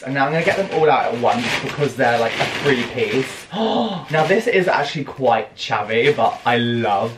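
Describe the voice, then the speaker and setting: A man's voice: medium pitch, noisy background. A young British man chatting through a fashion haul, gushing with theatrical gasps and squeals. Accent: British English. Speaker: fashion vlogger. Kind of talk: casual haul video chat. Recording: echoey room with faint ambience.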